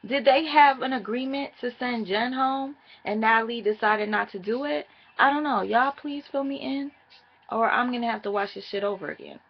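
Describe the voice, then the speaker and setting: A woman's voice: fairly high pitch, normal speed, lo-fi sound. A woman chatting casually and profanely as she recaps a reality show for her viewers.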